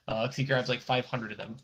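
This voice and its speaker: A man's voice: mid-range voice, little pitch movement, fairly quick, a crowd in the background. A man co-hosting a podcast, recapping anime episodes in a rambling, casual way, swearing now and then and acting out the characters' lines. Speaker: podcast co-host.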